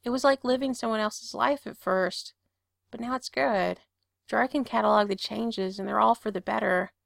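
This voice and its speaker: Calm woman narrator with vocal fry. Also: on the high side, normal speed, no room sound, clean studio sound. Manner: calm, steady storytelling. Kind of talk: reading fan fiction aloud.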